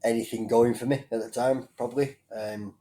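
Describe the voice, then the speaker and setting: A man's voice: medium pitch, fairly even intonation, a little fast, mellow, slight background noise. A British man chatting as a guest on his wife's podcast, hesitant and self-deprecating, with lots of restarts. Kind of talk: casual chat.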